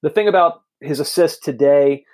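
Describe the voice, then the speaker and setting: A man co-hosting a football podcast in casual chat, easygoing and quick to laugh. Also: fairly high pitch, a little mellow. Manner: easygoing, laughs often, says "like" a lot. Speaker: podcast co-host.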